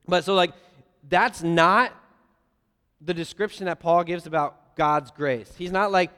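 A man preaching a sermon, telling lively stories with playful voiced asides. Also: sits high, unhurried, smooth. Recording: long hall reverb.

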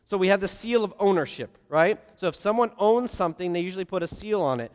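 A man preaching a sermon, telling lively stories with playful voiced asides. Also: sits high, fast, clean tone. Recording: long hall reverb.

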